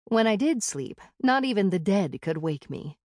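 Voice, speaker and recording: Frau, die ein Hörbuch erzählt. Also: female voice, medium pitch, big pitch swings, moderate pace, a little mellow, dry recording, studio quality. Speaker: audiobook narrator. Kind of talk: first-person audiobook narration.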